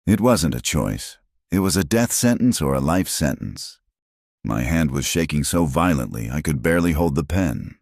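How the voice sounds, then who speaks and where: Extremely deep male audiobook narrator. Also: very animated, moderate pace, darkish tone, no echo, studio quality. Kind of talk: scripted first-person narration.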